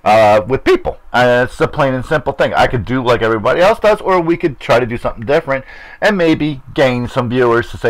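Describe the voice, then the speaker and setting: A middle-aged man hosts a casual racing chat show with an ordinary mid-pitched voice. He rambles and circles back over the same questions. He laughs easily as he talks. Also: lively intonation, normal speed, a bit bright, low-quality recording.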